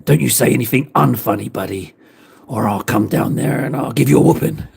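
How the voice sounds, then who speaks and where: A gruff, hot-tempered grown man chuckles and then growls out teasing threats in a voice dropped well below the speaker's own, as a man puts him on. The delivery is low and mock-menacing. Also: expressive, moderate pace, fairly bright tone, slight background noise. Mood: mock threatening.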